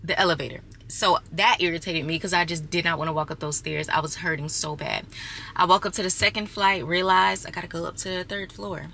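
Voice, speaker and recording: A woman's voice: on the low side, steady tone, brisk, gravelly, pushed and bright, slight background noise. A young adult woman vlogging casually to her viewers, chatty and exasperated as she talks to them as y'all. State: six months pregnant. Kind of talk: casual storytelling vlog.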